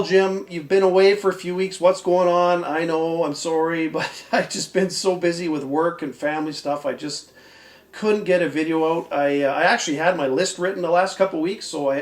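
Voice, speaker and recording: A slightly hoarse man rambles through his weekly comic picks in a loose, chatty way. His voice sits a little high for a man and rings off the walls of an echoey room. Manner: rambling, chatty, laughs often. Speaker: comic book video host. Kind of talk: casual chat.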